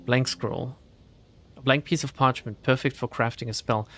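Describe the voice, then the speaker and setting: A gaming streamer with a mid-range, steady, fairly bright voice commentates his own horror game playthrough at a normal pace. In this let's play, he chats and reads item text aloud.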